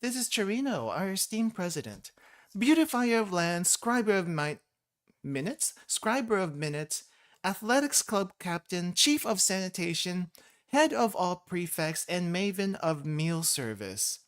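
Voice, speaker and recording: A man's voice: sits high, big pitch swings, a little slow, fairly bright tone, voice pushed up, exaggerated voice. A man reading the lines of a formal, fawning girl aide in a ceremonious manner.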